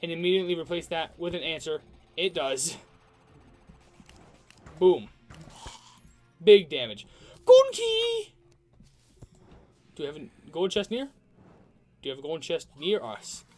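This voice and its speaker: A gamer commentating their own playthrough, excitable and talking back to enemies with frequent outbursts. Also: medium pitch, fast talker, faint music behind. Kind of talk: let's play commentary.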